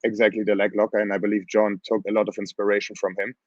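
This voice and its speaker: Grappling coach, man, hoarse, blunt and animated; lo-fi, dry call audio. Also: lowish voice, very fast, dry recording. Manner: animated, blunt, plain phrasing. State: hoarse from screaming. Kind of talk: casual interview talk.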